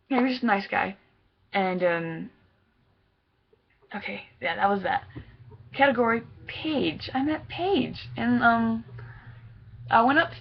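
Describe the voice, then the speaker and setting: Gushing young woman with gravelly voice, lo-fi. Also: mid-range voice. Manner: excited, rambling, gushing. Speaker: fan vlogger. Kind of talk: casual chat recounting a concert meet-up.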